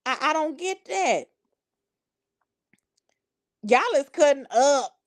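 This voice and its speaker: Congested woman, sassy live-chat host, a bit high-pitched. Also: animated, takes it slowly. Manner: sassy, talks straight to viewers, reads comments aloud. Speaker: livestream host. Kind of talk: casual live-chat commentary.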